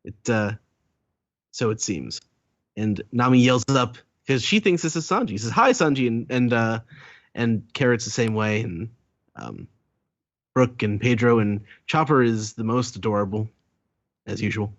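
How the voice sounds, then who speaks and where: A man co-hosting a podcast, recapping a manga chapter in a relaxed, halting way. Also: mid-range voice, dry recording, muffled recording. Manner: relaxed, halting storytelling with fillers. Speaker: podcast co-host.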